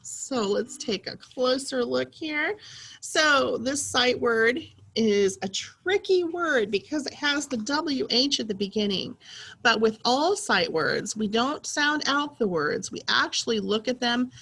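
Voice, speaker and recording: Young children follow along as a female teacher with a fairly high-pitched voice teaches early reading slowly and clearly. She delivers the practice sentences with exaggerated enthusiasm.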